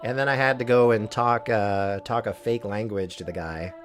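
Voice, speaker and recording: A man's voice: on the low side, normal speed. A man streaming a game, reading its text aloud and commenting with playful laughter. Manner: animated, laughing often, playful. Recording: music playing behind the voice.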